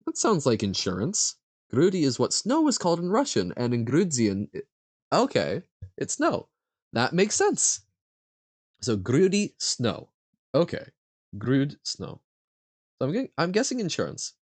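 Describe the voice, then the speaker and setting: A man streaming a live quiz, thinking aloud and haltingly sounding out foreign words as he guesses. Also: a little high, wildly swooping pitch, dry recording.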